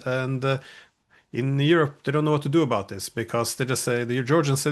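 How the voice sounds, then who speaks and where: Host guy, calm and measured, bit wry. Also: medium pitch. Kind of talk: interview talk.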